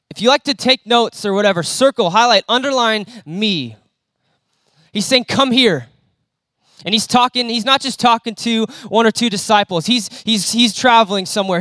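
A young man preaching a conversational sermon in a church hall, animated and acting out the quotes he tells. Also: high voice, studio quality.

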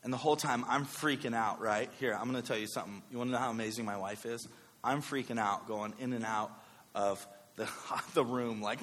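A man, preaching a sermon with a personal story, talking conversationally with animated asides. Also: mid-range voice, fairly quick. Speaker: pastor. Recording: long hall reverb.

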